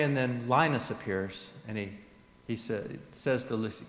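A pastor giving a sermon in a church, earnest, pushing his questions up and letting his statements fall soft. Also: mid-range voice, moderate pace. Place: church sanctuary. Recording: echoey church hall with long reverb.

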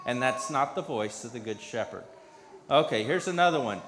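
A man's voice: mid-range voice, lively intonation, moderate pace, fairly bright tone. A man giving a children's sermon, patiently asking the kids simple questions. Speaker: pastor leading a children's message.

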